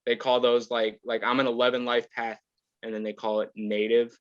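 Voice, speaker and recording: A young man in his twenties talks as a podcast guest, easygoing and meandering. His voice sits at a middle pitch. The sound is dry and a little dull. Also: level tone, moderate pace, no room sound. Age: 20s. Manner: laid-back, rambling, laughs often. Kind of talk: casual chat.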